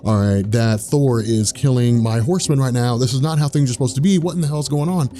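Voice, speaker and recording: A man's voice: mid-range voice, brisk, mellow, faint music behind, natural voice. A man voicing a boastful male comic-book villain who talks like a laid-back dude. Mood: annoyed.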